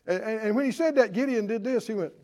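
A man preaching a sermon, animated and acting out Bible figures with chuckles. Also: high-pitched, quick pace, a crowd in the background.

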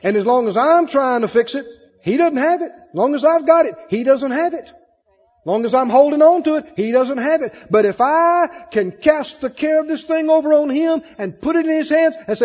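A man preaching a sermon, animated, swinging between loud emphasis and soft asides. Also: very high-pitched, moderate pace, big-room sound, lo-fi sound.

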